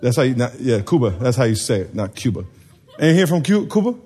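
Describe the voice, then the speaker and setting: A man's voice: mid-range voice, sing-song, quick pace, warm tone, slightly rough. A man preaching a sermon to a live congregation, joking and quizzing the people in front of him. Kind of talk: sermon with call and response.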